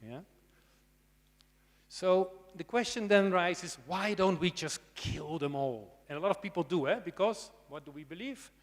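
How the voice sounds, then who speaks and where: A man with a high-sitting voice speaks at a measured pace, giving a conversational lecture on snakes to students. He's a snake expert at a conference, and his dry humor comes through in tag questions and wry asides aimed at the audience. The recording carries a long hall reverb.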